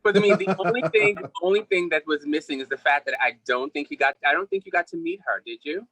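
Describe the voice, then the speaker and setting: A man's voice: a little high, quick pace, pushed and bright, no room sound, poor audio. A man making wry, teasing asides in a casual chat. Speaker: guest.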